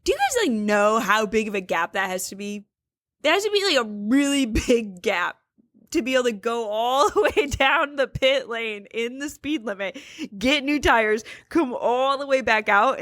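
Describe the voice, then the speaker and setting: A woman co-hosting a podcast in casual chat, animated and swearing freely as she talks. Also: fairly high pitch, moderate pace, dry recording, studio quality. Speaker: podcast co-host.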